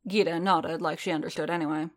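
A woman reading fan fiction aloud in a steady storytelling manner. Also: sits low, quick pace. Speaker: narrator.

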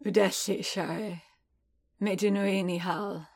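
A woman voicing a gentle, gruff grown man who soothes his partner with a rough, hoarse voice. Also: medium pitch, steady tone, unhurried. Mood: soothing.

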